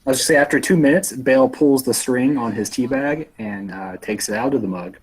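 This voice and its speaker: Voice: medium pitch, brisk, crowd noise, poor audio. A player in a tabletop role-play game, joking dryly and chatting casually.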